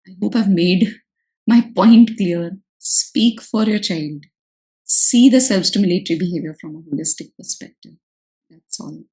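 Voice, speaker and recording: A woman's voice: on the low side, a little slow, dark tone, poor audio. A woman, an occupational therapist giving earnest advice to parents and repeating her key points.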